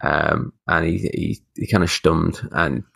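A northern English man co-hosting a podcast tells a rambling, sweary anecdote in casual chat, mimicking the people in his story. His voice is rumbling low, slow, gravelly, husky and a bit bright, recorded with no echo.

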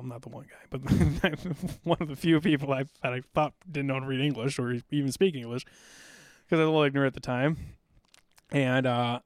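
A man's voice: medium pitch, a little mellow, smooth, no room sound, clean studio sound. A middle-aged man from South Dakota, a podcast guest telling stories in an intense, amped-up, blunt and profane way. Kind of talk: casual storytelling.

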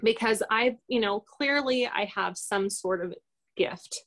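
Gravelly woman rambling through a story. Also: medium pitch, unhurried, a bit bright. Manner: rambling, hesitant, many fillers. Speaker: guest. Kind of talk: casual personal storytelling in an interview.

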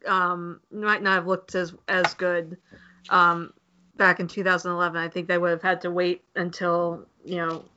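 A woman's voice: fairly low pitch, little pitch movement, moderate pace, sharp tone, slight background noise. A woman co-hosting a podcast, chatting about a film with many false starts and restarts. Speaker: podcast co-host. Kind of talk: casual film review chat. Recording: dull lo-fi podcast audio.

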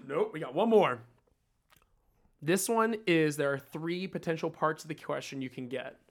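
A man's voice: on the high side, measured pace, gravelly. A man runs a quiz on a podcast in a light, slightly raised voice. He teases his co-hosts and often breaks into laughter between questions. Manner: laughs a lot while teasing. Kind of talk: casual podcast quiz banter.

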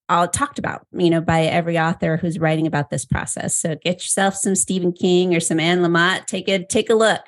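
A woman's voice: on the low side, vocal fry. A woman in a conversation about writing, thoughtful, often saying "you know" and "right". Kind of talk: conversational interview.

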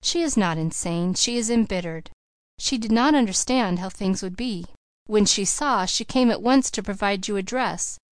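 A woman reading the part of a kindly, composed grown woman who speaks in a gentle, reassuring, measured way. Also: mid-range voice, clean tone, dry recording, close to an everyday voice.

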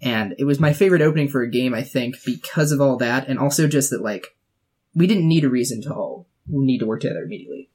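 A man's voice: mid-range voice, fast talker, darkish tone, breathy edge. A man in casual chat, retelling a tabletop game session with many fillers. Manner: lots of filler likes, storytelling. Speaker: tabletop role-playing player.

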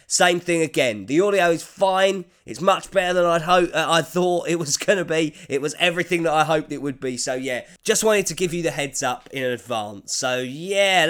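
A man's voice: on the high side, fairly bright tone, far from the mic. Chatty man hosting a podcast, echoey. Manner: chatty, sweary, jokey. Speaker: podcast host. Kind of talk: casual podcast chat.

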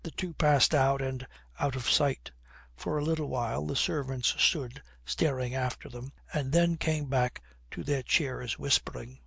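Slow, gravelly male audiobook narrator. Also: medium pitch, steady tone, a bit bright, no echo, studio quality. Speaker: audiobook reader.

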